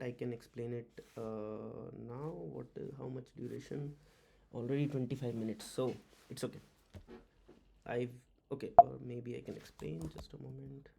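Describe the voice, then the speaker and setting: Halting man teaching tech. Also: mid-range voice, gravelly, dark tone, slight background noise. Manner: halting, many uh fillers and restarts, repeats key words. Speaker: automotive diagnostics instructor. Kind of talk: informal whiteboard lecture.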